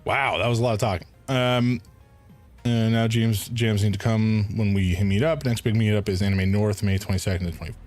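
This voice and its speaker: A man's voice: lowish voice, fairly even intonation, brisk, a little mellow, faint music behind. A man streaming a game, chatting casually in a rambling, hesitant way. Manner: rambling, hesitant, with many fillers. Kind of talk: casual gaming stream chat.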